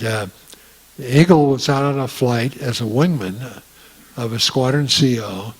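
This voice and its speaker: Older male speaker, unhurried anecdotes in a reverberant hall. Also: medium pitch, darkish tone, slightly rough. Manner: folksy storytelling, frequent "uh" pauses. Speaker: guest speaker. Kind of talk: casual talk to an audience. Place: meeting room.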